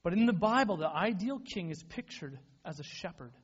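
A man's voice: high voice, lively intonation, normal speed, breathy edge. A man preaching a sermon as a pastor, conversational and self-deprecating, often restarting his words. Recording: dull lo-fi sound.

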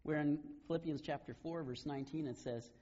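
A man preaching a sermon, retelling scripture stories in a relaxed, conversational way. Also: a little high, brisk, highs cut off. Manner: conversational storytelling, casual paraphrase of scripture. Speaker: pastor.

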